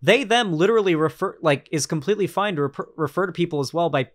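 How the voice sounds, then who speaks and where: A man's voice: fairly high pitch, quick pace. A man streaming casual political commentary, rambling and sarcastic, with lots of fillers and restarts.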